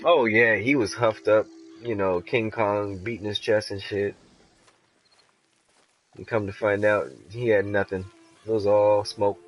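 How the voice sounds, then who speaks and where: A young man casually telling a story while playing a game, animated and profane, full of filler words. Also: on the low side, measured pace, long pauses, soft background music, poor audio. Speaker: streamer.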